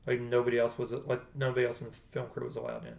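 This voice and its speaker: Man, mid-pitch, casual rambly co-host, roomy echo on the track. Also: level tone, fast talker, gravelly, a little mellow. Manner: rambling, self-correcting. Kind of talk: casual chat.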